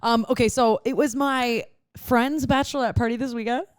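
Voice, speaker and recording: A woman's voice: fairly high pitch, steady tone, normal speed, clean tone, no echo. Young woman podcast host, rambling casual storyteller, dry close sound. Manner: rambling storyteller, heavy use of "like". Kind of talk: casual chat.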